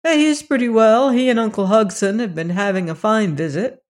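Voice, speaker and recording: A reader voicing a cheerful young farm boy in an audiobook, slightly higher and brighter than the narration. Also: moderate pace, close to an everyday voice. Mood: cheery. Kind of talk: audiobook character reading.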